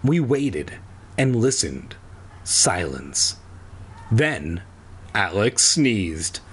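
A man's voice: lowish voice, very animated, drawn-out words, breathy edge. A man reading a children's book aloud and breaking off for wry, crude jokes. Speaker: reader.

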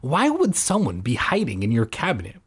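A man's voice: mid-range voice, wildly swooping pitch, a little fast, husky, exaggerated voice. A man doing a puzzled young boy friend. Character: boy's plain-spoken young friend.

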